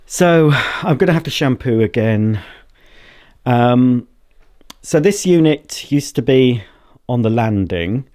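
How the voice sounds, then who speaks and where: Sex: man. Style: casual home vlog, chatty and self-mocking. Pitch: middling. Mic: handheld camera at arm's length. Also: animated, takes it slowly, long pauses, dark tone. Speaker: vlogger. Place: at home, indoors.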